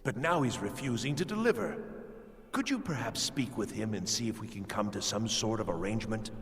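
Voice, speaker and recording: A polite, formal male elf scholar in a fantasy game. His pitch moves animatedly as he talks. A long reverb trails after his lines. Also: animated, fairly quick, a bit bright. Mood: measured. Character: fussy scholarly male elf mage researcher.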